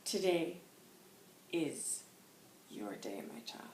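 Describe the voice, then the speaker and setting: A woman voicing a wise old male spirit guide who speaks in formal, old-fashioned phrases, softly and half-whispered. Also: low-pitched, big pitch swings, drawn-out words, reverberant, slight background noise, exaggerated voice. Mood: solemn.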